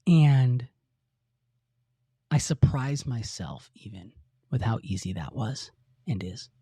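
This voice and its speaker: A middle-aged man hosting a podcast, telling a personal story in an earnest, halting way with many restarts. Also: medium pitch, expressive, mellow, breathy edge, dry recording, clean studio sound. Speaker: podcast host.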